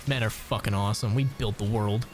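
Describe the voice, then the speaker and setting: A man's voice: fairly low pitch, steady tone, a little fast. A young man streaming a game, chatting casually with a crude, joking manner, answering chat and laughing often.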